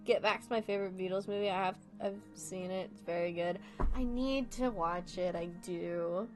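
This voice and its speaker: A young woman streamer talks in loose, rambling casual chat, often breaking into giggles and swearing freely. Her voice sits at an ordinary middle pitch. Faint music plays quietly behind her. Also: moderate pace.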